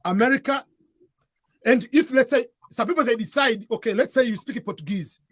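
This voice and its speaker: A man's voice: very high voice, fairly quick, fairly bright tone, slightly rough, dry recording. A man from East Africa with an East African accent, giving earnest advice in a casual chat and often repeating and restarting his phrases. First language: Swahili. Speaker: guest giving advice to newcomers.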